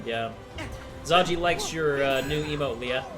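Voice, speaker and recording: Over music, a man with a mid-range voice co-hosts a live game stream, talking in an unhurried, casual way. He chats while gaming and reads out messages from chat.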